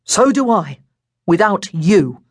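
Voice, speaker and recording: A woman's voice: medium pitch, sing-song, slow pace, darkish tone, breathy edge, heavily acted. Woman doing a grumbling big brother. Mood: annoyed. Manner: growling, muttering. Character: irritable boy avoiding his little sister.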